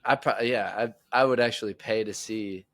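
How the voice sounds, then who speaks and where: A man's voice: lowish voice, moderate pace, a bit bright, no room sound. A man co-hosting a podcast, reacting with laughs and casual comments. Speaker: podcast co-host. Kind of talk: casual chat.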